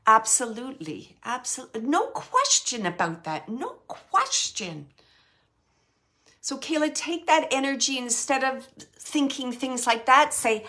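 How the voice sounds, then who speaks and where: A woman's voice: sits high, big pitch swings, a little slow. Rambling, reassuring woman medium. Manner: rambling and self-correcting, warm reassuring tone. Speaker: medium hosting a live chat. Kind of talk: casual live-stream chat answering viewer comments.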